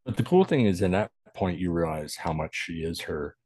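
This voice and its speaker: A man's voice: low voice, animated, moderate pace, a little mellow, husky, no echo. A man co-hosting a podcast, chiming in on a movie discussion and building on the other host's points. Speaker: podcast co-host. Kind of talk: casual movie chat.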